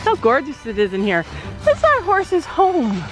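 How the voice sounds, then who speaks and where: A woman's voice: sits high, wildly swooping pitch, normal speed, faint music behind, poor audio. A woman chatting upbeat to camera in a casual vlog while walking outdoors on a farm, laughing often. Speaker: vlogger, mother. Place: outdoors on a farm, walking through woods and fields.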